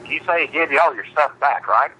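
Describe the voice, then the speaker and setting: A man's voice: a little high, animated, a little fast, bright, forceful tone, breathy edge, rough recording. A man in casual chat who stammers and repeats his words as he reacts to a friend. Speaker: friend listening.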